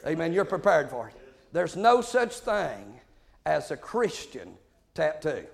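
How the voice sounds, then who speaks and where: A man preaching a fiery sermon, often shouting and punctuating his lines with amens. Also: on the high side, big pitch swings, vocal fry. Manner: shouting, rapid-fire with frequent amens. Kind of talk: fiery Pentecostal-style sermon.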